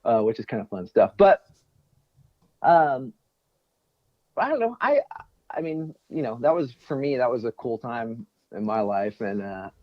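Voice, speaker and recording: A man's voice: medium pitch, very animated, unhurried, long pauses, dry recording. A man in casual podcast chat as a guest co-host and former bandmate, rambling and joking. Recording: muffled lo-fi audio.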